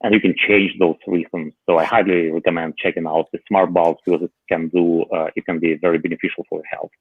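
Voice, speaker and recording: A man chatting casually about gadgets, halting often with fillers and restarts. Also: sits low, little pitch movement, slightly rough, no echo. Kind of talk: casual tech chat. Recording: tinny phone-like line.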